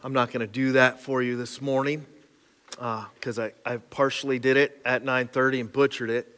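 A man's voice: medium pitch, little pitch movement, moderate pace, a bit bright. A man preaching a sermon to his congregation, conversational and self-deprecating, with casual asides. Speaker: pastor. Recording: live sermon with long hall reverb and faint music.

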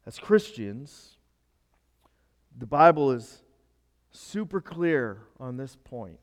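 A man preaching a sermon as pastor, emphatic and swinging from loud to hushed. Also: mid-range voice, very animated, slow, in a large hall.

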